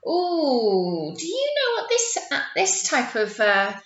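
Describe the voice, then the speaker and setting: A woman teacher reading a picture book to young children, animated and encouraging, drawing words out and making playful sound effects. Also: high voice, takes it slowly. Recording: roomy, dull lo-fi sound.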